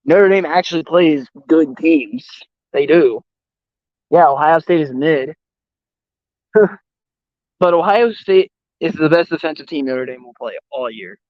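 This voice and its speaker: A young man with a slightly high voice rants on a stream, blunt and full of swearing. His sound is dull and a bit lo-fi, with a dry close mic. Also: animated, a little slow, dry recording. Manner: blunt, profane, opinionated sports talk. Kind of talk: casual chat. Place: outdoors. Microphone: voice call or stream mic.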